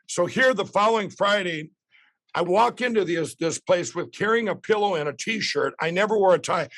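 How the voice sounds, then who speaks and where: Man in his sixties, high voice, excited rambling storyteller. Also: dry recording. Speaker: guest. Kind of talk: storytelling in a podcast interview.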